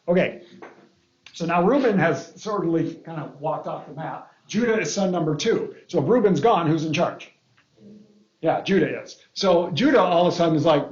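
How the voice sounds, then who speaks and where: A pastor leads a relaxed Bible study lesson, his man's voice sitting a little higher than most. He reads passages aloud, then drops into casual asides and jokes and asks the group questions. The recording is muffled and lo-fi. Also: normal speed, roomy sound.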